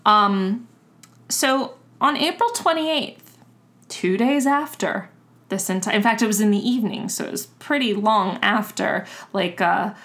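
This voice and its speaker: A woman's voice: mid-range voice, unhurried, fairly bright tone. A woman co-hosting a casual podcast, telling a story with acted-out quotes and casual swearing. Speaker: podcast co-host.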